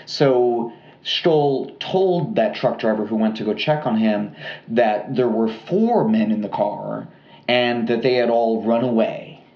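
A man's voice: mid-range voice, slow pace. A man co-hosting a casual true crime podcast, rambling along with fillers and self-corrections. His voice sits in an ordinary middle register. It comes through a slightly muffled recording in a roomy, echoey space. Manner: relaxed, rambling with fillers and restarts. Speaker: podcast co-host.

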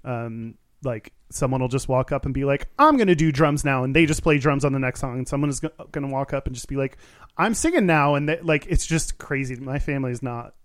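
A man's voice: mid-range voice, fairly even intonation, quick pace, hardly any pauses, dry recording, studio quality. A man who grew up in Texas, a guest on a podcast, chatting playfully and teasing himself. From Houston, Texas. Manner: playful, self-mocking. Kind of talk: casual chat.

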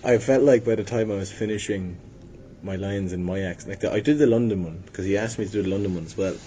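Young Irish actor, low voice, rambling casual chat over a rumbling noisy room. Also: male voice, quick pace, warm tone. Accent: Irish, Limerick. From Ireland. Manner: rambling, self-deprecating, many restarts. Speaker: actor guest. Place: hotel venue.

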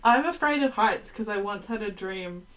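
A woman in the middle of a relaxed, improvised podcast chat, rambling and self-mocking, her thoughts full of fillers. Her voice sits in an ordinary middle register for a woman. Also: medium pitch, normal speed, poor audio. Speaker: podcast co-host. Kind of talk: casual chat, improvised plotting.

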